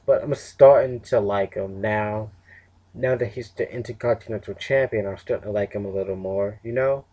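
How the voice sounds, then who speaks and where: A tired young man casually reviewing a wrestling show on his own, rambling with fillers and self-corrections. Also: medium pitch. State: tired, yawning.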